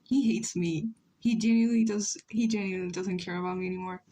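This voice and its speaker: Husky young woman chatting on stream. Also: medium pitch, steady tone, fairly quick, dark tone. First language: Spanish. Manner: chatty, joking with chat, frequent laughs. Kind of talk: casual chat while drawing on a livestream.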